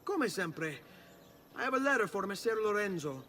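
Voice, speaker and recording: A man's voice: sits high, big pitch swings, normal speed, sharp tone, a little hiss or hum, full character voice. A young man voicing a dutiful, brash noble son in a video game.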